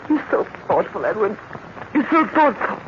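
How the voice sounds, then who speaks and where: An actress playing an earnest young governess who frightens easily, in a breathy, theatrical 1940s radio-acting style. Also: female voice, medium pitch, very animated, moderate pace, natural voice. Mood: pleading. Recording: muffled, hissy old radio recording.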